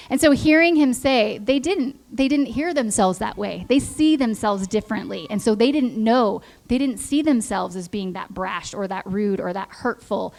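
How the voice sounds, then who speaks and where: A woman's voice: a little high, moderate pace, vocal fry, hardly any pauses. A middle-aged woman giving a conversational sermon at church, telling stories and acting out the voices she quotes. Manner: lively storytelling, acts out quoted voices. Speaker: church speaker.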